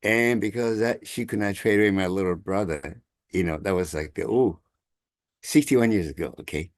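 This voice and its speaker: Older man, 60s, lowish dry voice, halting storyteller who chuckles often. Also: no echo. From Taiwan. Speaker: congregation member sharing gratitude. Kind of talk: casual storytelling. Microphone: video call.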